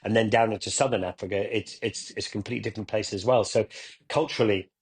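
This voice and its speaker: Husky-voiced man telling travel stories. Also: lowish voice, fast. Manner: animated storyteller who acts out quoted dialogue. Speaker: guest, motorcycle adventurer and TV presenter. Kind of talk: casual podcast chat.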